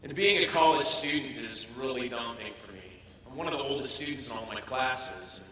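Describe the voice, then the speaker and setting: A man, a veteran, reflecting in a measured way on his homecoming during a staged storytelling. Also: medium pitch, bright, forceful tone, slight background noise. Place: stage in a large hall. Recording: echoey hall, voice from far off.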